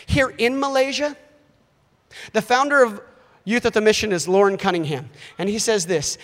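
A man in his thirties, a missionary preaching a sermon in an animated way, acting out voices. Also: high voice, moderate pace, big-room sound. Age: 30s. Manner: animated, acts out quoted voices.

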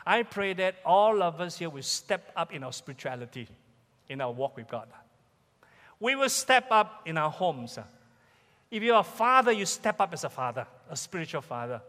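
Malaysian-accented male pastor, high voice, emphatic sermon delivery, long hall reverb. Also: sing-song, moderate pace, sharp tone. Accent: Malaysian English. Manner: emphatic, repeats key questions. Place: church sanctuary.

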